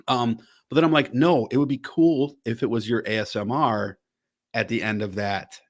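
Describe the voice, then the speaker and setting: This podcast host chats casually in a mid-range voice, talking fairly quickly. His talk wanders, with frequent false starts and the odd curse word.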